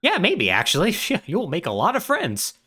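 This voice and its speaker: A man co-hosting a podcast, retelling a game's story in animated, casual chat full of "like". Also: high-pitched, moderate pace, breathy edge. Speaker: podcast co-host.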